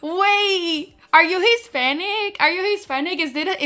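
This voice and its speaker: A woman streamer chatting casually to her viewers, talking fast and filling her speech with "like". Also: extremely high pitch, bright, forceful tone. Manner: fast-talking, full of "like" fillers. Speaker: streamer debuting a virtual avatar. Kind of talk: casual chat.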